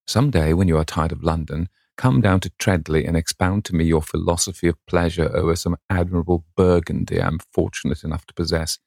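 A man reading the lines of a courteous, formal old gentleman in an audiobook of a classic novel, speaking slowly. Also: deep voice, steady tone, gravelly, no room sound, studio quality.

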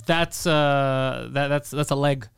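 A man telling a story in casual chat, animated and profane, acting out what people said. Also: medium pitch, takes it slowly, gravelly, clean tone, no room sound, clean studio sound. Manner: animated, profane, acts out quotes.

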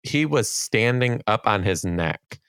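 A young man trades jokes and teases his co-host in fast, playful banter. His pitch jumps around a lot as he riffs. The sound is dry and close, with almost no room around it. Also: expressive, a bit bright, smooth, no room sound. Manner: teasing, joking, quick playful banter. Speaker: podcast co-host and comedian. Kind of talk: casual chat.

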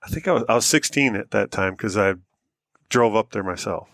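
A man with an American accent co-hosting a hunting podcast, telling a story in a relaxed, rambling way. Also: fairly low pitch, fairly quick, dry recording, clean studio sound. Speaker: podcast co-host. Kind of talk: casual storytelling chat.

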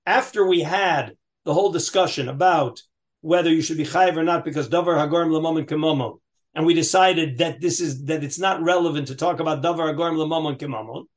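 A man's voice: on the high side, brisk. A man teaching a Talmud class, reading passages aloud in a lilting chant and then explaining them with frequent restarts and questions to his students. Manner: reads Aramaic text aloud in a singsong lilt, then explains, with many restarts.

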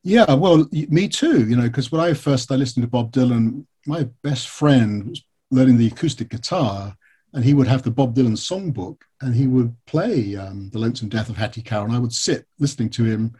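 A man from England talks through an interview with a slightly husky voice. He tells his stories with energy, often stopping to restart a phrase or add a filler, and his pitch sits in a middle range. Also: brisk. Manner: animated storytelling, frequent fillers and restarts. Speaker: author and biographer, interview guest. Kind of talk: conversational interview.

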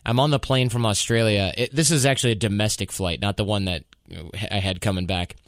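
A man hosting a podcast, telling stories in a casual, chatty way and slipping into quick voices. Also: on the low side, dry recording. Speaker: podcast host.

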